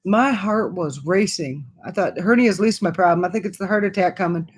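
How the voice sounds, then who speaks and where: A woman's voice: on the low side, brisk, slight background noise. A middle-aged woman from Wisconsin, telling a personal story to her channel in a chatty way with many fillers and restarts. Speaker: vlogger.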